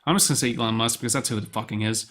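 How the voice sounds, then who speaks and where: A young man co-hosting a podcast, chatting casually and excitedly, rambling and swearing freely. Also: medium pitch, racing. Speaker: podcast co-host. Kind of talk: casual chat.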